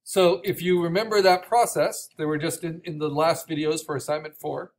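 A man teaching an online art course, explaining steps with frequent restarts and a voice gone raspy from coughing. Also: on the high side, steady tone, moderate pace. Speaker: art instructor. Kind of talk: recorded online course lecture.

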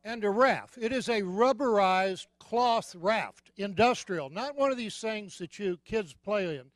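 A man preaching a sermon as a comic, animated storyteller who sometimes bursts out loudly. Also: high voice, measured pace, dry recording. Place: church sanctuary.

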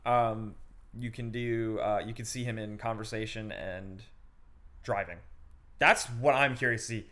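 A man's voice: on the low side, fairly even intonation, normal speed, a bit bright. A man hosting a casual chat about video games, talking loosely and swearing freely. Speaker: gaming show host.

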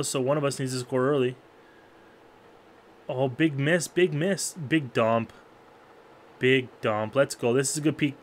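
A man calls a hockey video game play by play in a voice of ordinary, middle pitch. He shouts up high at big moments, drops to quiet grumbles between them, and talks straight to the players on screen. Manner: jumps to loud, high-pitched yelling at big plays, then drops to low mutters. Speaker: gaming YouTuber.

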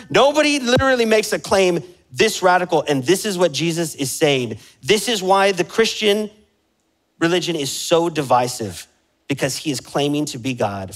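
A man's voice: fairly high pitch, a bit bright, poor audio. A man preaching a sermon as pastor, with passionate emphasis that rises and falls, asking the congregation direct questions. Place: church sanctuary.

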